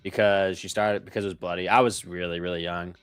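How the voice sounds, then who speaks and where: A young man co-hosting a live trading stream, joking around quickly and swearing casually. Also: sits low, little pitch movement, a bit bright, clear, resonant tone, no room sound, faint music behind. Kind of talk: casual chat.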